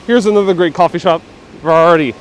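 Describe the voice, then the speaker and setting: A man's voice: high-pitched, quick pace, slight background noise. Chatty man hosting a live walking tour. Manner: chatty, reacts to viewer comments. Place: outdoors on city streets. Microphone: wireless lapel mic.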